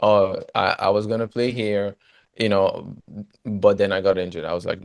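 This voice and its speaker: A man with a fairly low voice tells his story in a relaxed interview, animated and leaning on "you know" between phrases. He was recorded close and dry, with no room sound behind him. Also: normal speed, gravelly, no echo. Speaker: guest, former footballer turned agent.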